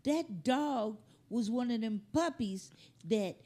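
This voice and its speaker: A woman hosting a comedy reaction show, riffing on clips in an animated, joking, slangy way. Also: a little high, slow pace.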